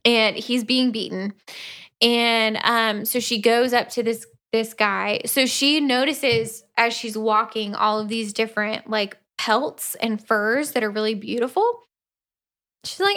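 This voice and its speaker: Podcast co-host, woman, lively casual recap voice, a touch high. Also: unhurried. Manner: animated retelling with playful voices for characters. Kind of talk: casual book-review chat.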